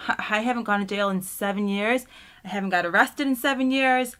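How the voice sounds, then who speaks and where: Doing her makeup at home, a young woman rambles through a casual get-ready-with-me vlog, her speech full of fillers. Her mid-range voice is brisk, clean, and fairly bright, and at times she grows tearful while speaking about gratitude.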